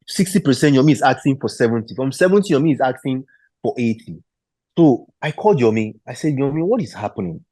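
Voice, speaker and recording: A man in his thirties, a former footballer and interview guest, telling a story and acting out the quoted dialogue in an animated way. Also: on the low side, no echo.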